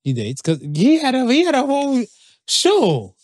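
A man's voice: very high voice, huge pitch swings, moderate pace, a little mellow, no echo, studio quality. A man from Canada co-hosting a podcast in casual chat, slangy and rambling with lots of fillers and restarts. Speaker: podcast co-host.

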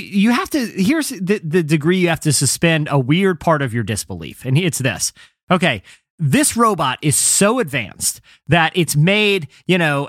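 Lively high-voiced man riffing. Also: no echo, clean studio sound. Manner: animated, rambling, acts out silly voices. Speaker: show guest ranking TV shows. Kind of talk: casual comedic podcast chat.

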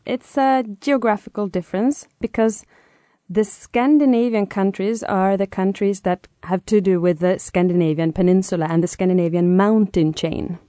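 A Swedish-accented woman speaking as a radio guest, her voice mellow and warm. She explains in a confident, lightly amused way, recorded in a dry studio. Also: medium pitch, steady tone, moderate pace, no room sound. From Sweden. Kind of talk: radio interview answers.

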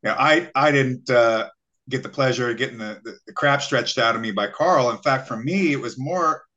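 Bright-voiced male guest telling stories. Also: mid-range voice, moderate pace, muffled recording. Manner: animated, acts out quoted voices, frequent fillers. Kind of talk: casual storytelling chat.

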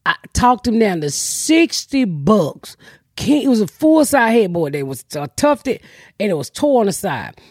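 A woman's voice: mid-range voice, sing-song, a little slow, no room sound, clean studio sound. A woman podcast host telling brash, profane stories in casual comedic chat, acting out the people she quotes.

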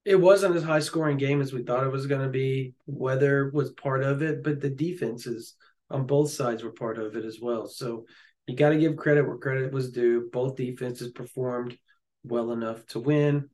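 A man co-hosting a casual sports chat, jokey and excitable, often laughing. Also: mid-range voice, moderate pace. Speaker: sports podcast co-host.

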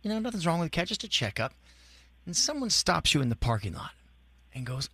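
A man co-hosting a morning radio call-in show, animated and playing out scenarios for callers. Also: a little high, fairly quick, breathy edge, no echo. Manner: animated, plays out scenarios in quoted voices.

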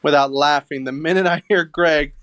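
A man leaves an upbeat voice message for a radio show, giggly and cheerful as he speaks. His voice sits a bit high, and the recording is dry and close. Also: fairly even intonation, normal speed, a bit bright, no echo. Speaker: listener leaving a voice message.

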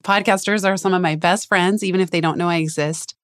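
A woman's voice: on the low side, steady tone, a little fast, no echo, clean studio sound. A woman hosting a podcast interview, effusive and enthusiastic in a casual chat. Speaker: podcast host.

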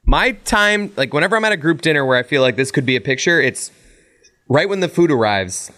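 A man's voice: fairly high pitch, lively intonation, brisk, sharp tone. A man co-hosting a podcast, chiming in with short reactions in casual chat. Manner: brief reactive interjections. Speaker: podcast co-host.

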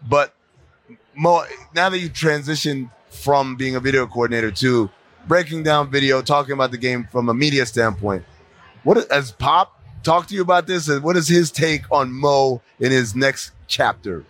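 A man's voice: mid-range voice, normal speed, a bit bright. A man hosting a casual sports podcast who interviews his guest with joking, blunt asides. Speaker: podcast host.

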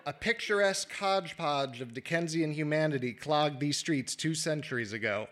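A man reading his own prose aloud at a live literary reading, measured and wry. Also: on the high side, fairly bright tone, a little hiss or hum.

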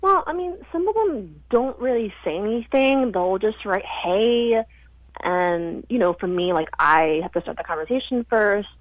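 A woman's voice: mid-range voice, animated, moderate pace, hardly any pauses, no echo. Young female caller, hesitant and rambling, heard over a thin, dry phone line. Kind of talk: phone-in question.

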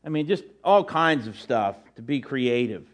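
A man's voice: mid-range voice, animated, moderate pace. A middle-aged man preaching a sermon in church as pastor, telling folksy, rambling stories with many fillers and restarts.

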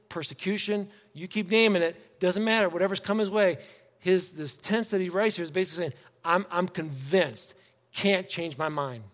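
High-voiced preacher in a reverberant church. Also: male voice. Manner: conversational, animated preaching with acted quotes. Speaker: pastor. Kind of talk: sermon. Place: church sanctuary.

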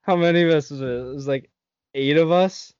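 A man's voice: a little high, fairly quick, darkish tone, clean tone, dry recording. Young man, casual storyteller, laughs a lot, dull dry lo-fi recording. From Canada. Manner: laughing storyteller, lots of swearing. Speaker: host. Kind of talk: casual chat with friends.

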